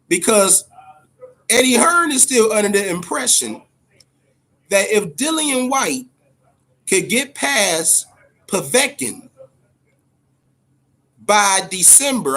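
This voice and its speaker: Male boxing vlogger, high-pitched, profane, animated ranter. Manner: profane, animated, laughing asides. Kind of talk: casual boxing commentary rant.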